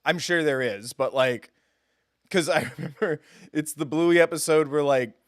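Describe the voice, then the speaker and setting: A man's voice: on the high side, moderate pace, no echo, studio quality. A man streaming a game live, chatting casually with his viewers in a self-deprecating, giggly way.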